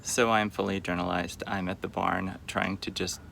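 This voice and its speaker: A man's voice: low voice, flat delivery, moderate pace, gravelly, noisy background. A man recording a confessional video diary, rambling and bitter, swearing heavily as he vents.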